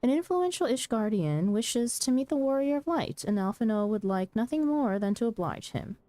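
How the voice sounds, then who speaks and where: Woman streamer reading game dialogue aloud; animated delivery, dry close sound, stumbles on lines. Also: a little high, normal speed, dry recording. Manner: reads formal lines with frequent uh fillers and restarts.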